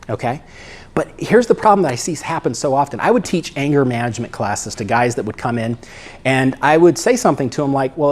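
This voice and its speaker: A man's voice: medium pitch, a little mellow. A middle-aged man, a psychologist, giving a conversational lecture and often checking in with "right?" and "okay?". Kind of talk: lecture talk.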